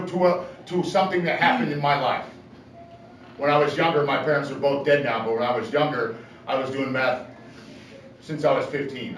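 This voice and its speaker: A man's voice: a little high, a bit bright, reverberant, distant mic, slight background noise, low-quality recording. A middle-aged man telling his recovery story at a meeting, blunt and profane, often checking in with "right?". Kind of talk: personal recovery talk. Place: meeting room.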